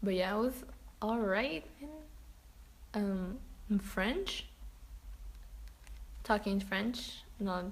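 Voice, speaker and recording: A woman's voice: mid-range voice, lively intonation, drawn-out words, pauses often. A young woman co-hosting a podcast, telling stories animatedly and laughing as she acts out scenes. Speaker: podcast co-host. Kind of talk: casual chat.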